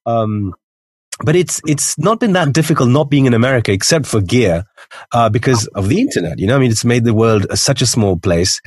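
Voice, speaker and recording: Male voiceover guest, transatlantic neutral accent, husky voice, dry close recording, chatty. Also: fairly low pitch, a little mellow, no echo. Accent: international English, mixed. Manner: chatty, many restarts, candid. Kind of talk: casual panel talk.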